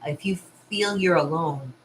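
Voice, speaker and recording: A woman's voice: deep voice, a little slow, slight background noise, low-quality recording. A woman hosting a casual vlog from her art studio, chatting in a rambling way with frequent laughs and asides. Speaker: party artist and vlog host.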